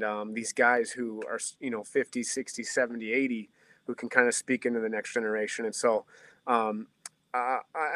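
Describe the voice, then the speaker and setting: A man's voice: medium pitch, fairly bright tone, no room sound. Thirtysomething pastor guy on a podcast, earnest and reflective, dry close sound. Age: 30s. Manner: earnest, reflective, preacher-like cadence. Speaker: pastor guest. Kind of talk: podcast interview answer.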